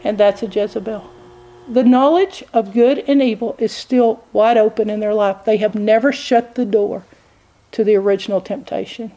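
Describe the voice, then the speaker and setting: A woman preaching a sermon, telling a personal story in an animated, folksy way. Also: normal speed, muffled recording. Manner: animated, folksy storytelling, jumps into high voices for quoted people.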